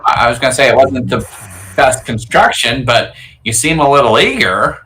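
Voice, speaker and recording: Bright-voiced man player, wry. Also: mid-range voice, animated, normal speed, a little hiss or hum. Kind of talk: casual tabletop play. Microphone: online call.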